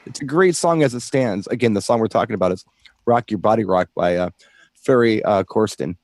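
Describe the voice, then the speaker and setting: A man's voice: lowish voice, fairly quick, a little mellow, no echo. A man co-hosting a DJ show in casual chat, explaining things at length with enthusiasm. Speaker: DJ co-host.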